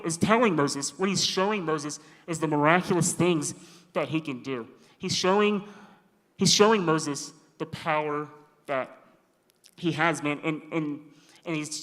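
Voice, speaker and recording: Man preaching casually with slang and playful acted-out lines, slightly high voice, echoing hall. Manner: slangy, animated, acts out quoted voices. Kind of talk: casual sermon. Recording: long hall reverb.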